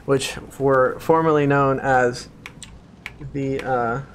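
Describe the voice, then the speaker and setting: A man's voice: medium pitch, steady tone, slow pace. A man streaming a tank game, chatting casually with a wry, self-deprecating grumble. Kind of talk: casual gaming chat. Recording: faint background noise.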